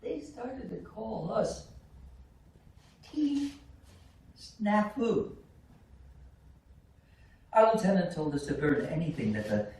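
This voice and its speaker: An actor on stage playing an aging war veteran grandfather who tells his story haltingly, stumbling and repeating words. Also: sits high, vocal fry, exaggerated voice. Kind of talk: live stage monologue. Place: small theater stage. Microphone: far room camera. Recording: echoey theater from far off, faint hiss.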